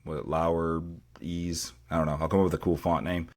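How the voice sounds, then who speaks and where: A man with a deep voice, a teacher co-hosting a casual podcast chat and telling stories with dry sarcasm. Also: little pitch movement, moderate pace. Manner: dry sarcastic humor, storytelling with acted quotes.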